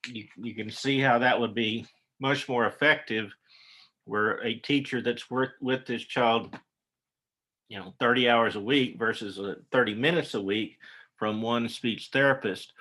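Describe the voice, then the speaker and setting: A man giving a casual online lecture, folksy and halting, with many fillers and restarts. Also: medium pitch, bright, forceful tone. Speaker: instructor.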